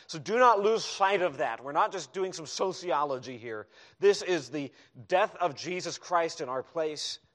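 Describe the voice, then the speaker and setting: A man delivering a sermon in a church, pressing his points with emphasis and swinging between loud declarations and softer, quieter asides. His voice sits a little higher than most men's. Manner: emphatic preaching with sudden soft asides. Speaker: pastor. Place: church hall.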